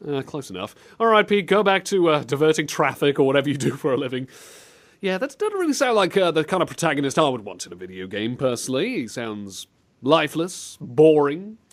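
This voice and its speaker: A British man hosting a comedic chat show, animated and sarcastic. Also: a little high. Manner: animated, sarcastic, quick jokes. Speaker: host.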